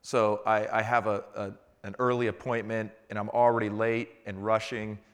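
A middle-aged man, a pastor, preaching a conversational sermon that swings between quiet reflection and animated storytelling. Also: on the low side, normal speed. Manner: conversational preaching, builds to animated frustration in anecdotes.

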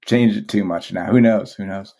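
A man's voice: on the low side, steady tone, normal speed, creaky, dark tone. A man from Vermont, a band's singer, talking as a guest in a casual podcast interview, swearing freely and often repeating words as he restarts his sentences. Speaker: guest, band vocalist.

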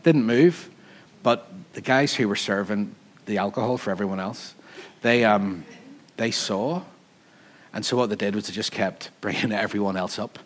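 A pastor with a Northern Irish accent delivers a sermon in an animated, joking, conversational style, laughing often while telling a story. His voice is on the low side and his pace is moderate.

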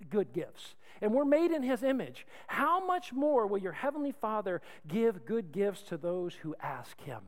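A male pastor preaching a sermon, calling on the crowd to repeat lines back, swinging between loud and hushed. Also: very high-pitched. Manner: call-and-response preaching, asks crowd to repeat. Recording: long hall reverb.

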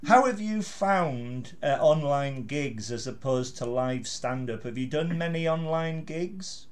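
A man's voice: a little high, animated, measured pace. A middle-aged man hosting a podcast interview, telling anecdotes and laughing easily. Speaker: podcast host. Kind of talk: casual interview chat.

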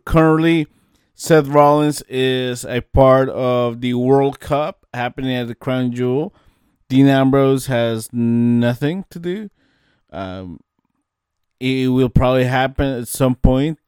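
Male host, measured and unhurried delivery, dry close sound. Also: mid-range voice, a little mellow, clear, resonant tone, no room sound. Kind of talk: casual show hosting.

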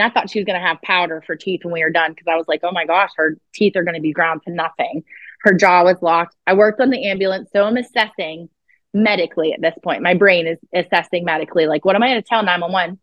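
A woman's voice: on the low side, dry recording, lo-fi sound. A woman telling a story as a psychic guest on an interview podcast, blunt and profane, acting out what people said. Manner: blunt, profane, acts out quoted dialogue.

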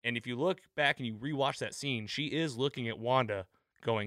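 A man's voice: medium pitch, moderate pace, dry recording, studio quality. A man hosting a casual podcast recap, acting out quoted lines as he talks. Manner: animated, acts out quoted lines. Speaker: podcast host.

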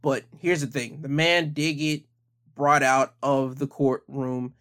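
A man's voice: medium pitch, fairly bright tone. A man giving casual commentary on the news, talking conversationally with frequent fillers.

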